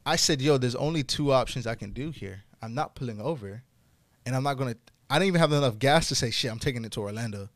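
Animated young man from telling a story. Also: fast talker, no room sound. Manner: animated, swears freely, gets loud and high when excited. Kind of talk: casual podcast storytelling.

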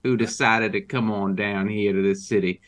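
A man voicing a gruff, hot-tempered small-town male rancher during a tabletop game, talking in a folksy, halting way full of fillers and cursing. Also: fairly low pitch, steady tone, a bit bright, close to an everyday voice. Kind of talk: in-character role-play.

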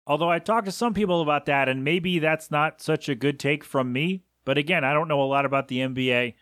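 A man's voice: a little high, fairly quick, a bit bright, no room sound, clean studio sound. A man hosting a podcast, chatting loosely about sports on his own, often correcting himself and wandering off into asides. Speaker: podcast host. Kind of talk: casual solo sports talk.

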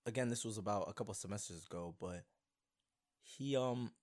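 Low-voiced, excitable young podcast host. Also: male voice, fairly quick. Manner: rambling, excitable, self-interrupting with fillers. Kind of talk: casual solo podcast talk.

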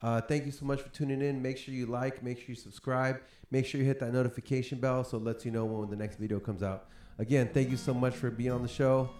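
A man hosting a podcast, telling a story in a casual, animated way and laughing often. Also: mid-range voice, quick pace, hardly any pauses. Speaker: podcast host. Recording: roomy echo.

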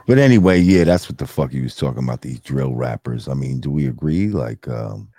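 A man's voice: a bass voice, lively intonation, fairly quick, creaky, warm tone. A man telling stories animatedly and laughing often in casual podcast banter. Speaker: podcast co-host.

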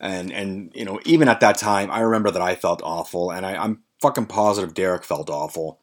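A man's voice: low voice, fairly quick. A man in his forties hosting a podcast, telling a long story in a rambling, profane way with many fillers. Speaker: podcast host.

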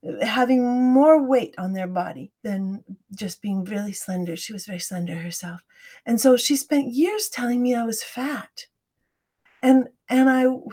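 A middle-aged woman with a breathy, somewhat high voice leads a calm meditation. She speaks slowly and gently, often laughing softly between her explanations. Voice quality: breathy, drops into soft whispers when guiding. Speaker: guest teacher of self-compassion. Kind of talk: guided meditation and interview talk.

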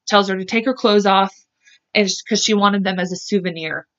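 A woman's voice: medium pitch, fairly quick, fairly bright tone. A woman hosting a podcast, casually recounting a true-crime case, rambling and correcting herself, swearing freely. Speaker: podcast host. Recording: dull lo-fi podcast audio.

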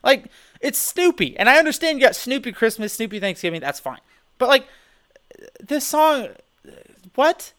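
A man co-hosting a podcast, rambling in animated, loose chat with lots of restarts. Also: extremely high pitch, fairly quick. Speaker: podcast co-host. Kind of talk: casual chat.

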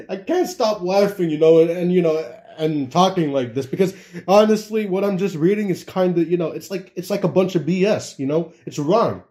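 A man's voice: fairly high pitch, moderate pace, mellow. A young man ranting casually about politics, rambling with many fillers, restarts and bursts of laughter. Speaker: political commentator.

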